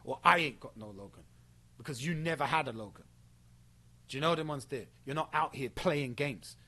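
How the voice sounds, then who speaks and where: A man's voice: medium pitch, lively intonation, normal speed, pushed and bright, husky. A young man ranting at someone, confrontational and sweary, repeating himself as he builds his case. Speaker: streamer addressing a former friend. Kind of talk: ranting monologue.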